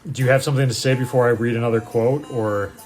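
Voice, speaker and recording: A man, a priest co-hosting a casual podcast, who jokes and teases and cuts in with quick asides, with faint music behind him. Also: medium pitch, steady tone, darkish tone. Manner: joking, teasing, interrupts with quick asides. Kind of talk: casual chat.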